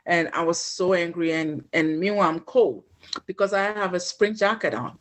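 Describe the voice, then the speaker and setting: A woman from Ghana, a guest recounting her own story in an animated, emotional way. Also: on the low side, moderate pace. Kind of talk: personal storytelling.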